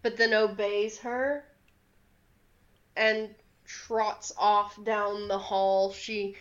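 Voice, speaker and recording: Slow-talking woman game master. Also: mid-range voice, level tone, muffled recording. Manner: unhurried, with fillers. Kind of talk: narrating a tabletop game.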